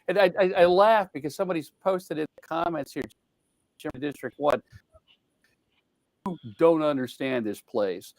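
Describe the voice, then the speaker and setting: A man's voice: on the high side, normal speed, long pauses, darkish tone, dry recording. An older man in casual political chat, blunt and profane, rambling with many restarts. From outside the South. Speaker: co-host.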